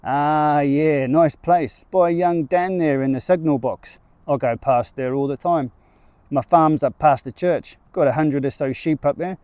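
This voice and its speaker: A man's voice: on the high side, a little slow, a little mellow, no echo, close to an everyday voice. A man voicing a jovial middle-aged male sheep farmer with a New Zealand accent and a cheeky, blustering salesman manner. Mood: hearty.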